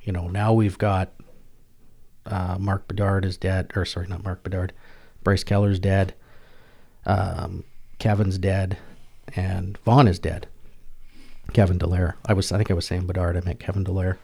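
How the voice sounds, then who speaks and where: On a podcast, a veteran from Canada recounts personal experiences in a gravelly, low, dark voice that stays level. He talks plainly but haltingly, often going back over words and starting them again.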